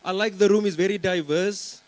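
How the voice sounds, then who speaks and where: A young man working a stand-up set on a conference stage, his voice sitting a little high for a man. He rambles along with plenty of "um" and "you know," teasing the audience between jokes. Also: fairly even intonation, fairly quick, darkish tone, no echo, rough recording. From Namibia. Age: young adult. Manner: chatty, rambling, teasing the crowd with lots of fillers. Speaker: stand-up comedian.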